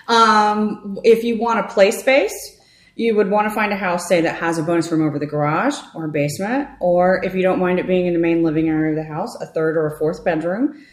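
A chatty woman in her thirties tells her story as a realtor, her voice sitting a little low. She talks with lively, filler-laced ease, and the room around her rings with echo. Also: brisk. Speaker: realtor guest. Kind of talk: conversational interview. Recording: roomy echo.

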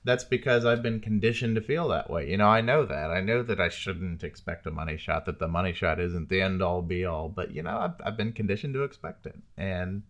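A man's voice: low-pitched, a little fast, hardly any pauses. A man co-hosting a podcast, chatting frankly and casually. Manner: frank, candid and talkative. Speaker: podcast co-host. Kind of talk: casual chat.

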